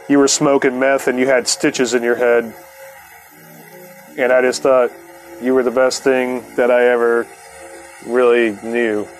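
A man, the host, telling a long personal story in a casual, profane way, laughing often and acting out what others said. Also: medium pitch. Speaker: podcast host.

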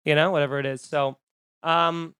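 Brief: male podcast host, lively storyteller, high voice, dry close sound. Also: moderate pace, clean tone, no echo. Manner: animated, acts out quoted voices. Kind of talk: casual chat. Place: home room.

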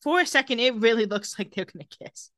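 A woman's voice: fairly high pitch, expressive, fairly quick, fairly bright tone, no room sound, studio quality. A woman co-hosting a podcast, casually recapping a TV episode scene by scene and quoting the characters. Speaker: podcast co-host.

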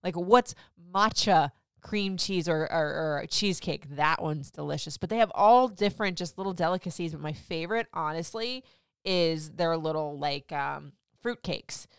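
A woman's voice: low voice, moderate pace, clear, resonant tone, dry recording, studio quality. A woman hosting a podcast, gushing about food in a chatty, casual way with lots of filler words. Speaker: podcast host. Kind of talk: casual chat.

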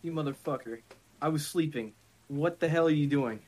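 A man's voice: fairly high pitch, normal speed, a little mellow, close to an everyday voice. A man voicing a cranky, foul-mouthed kobold. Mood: angry. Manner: cursing, irritable, sarcastic. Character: small angry male kobold mimic, rude.

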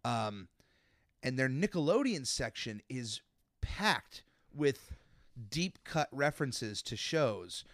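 A man's voice: mid-range voice, very animated, slow pace, a bit bright, no room sound, clean studio sound. A young man hosting a podcast, chatting casually with lots of fillers and restarts. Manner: rambling, many fillers and restarts. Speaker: podcast host. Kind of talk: casual chat.

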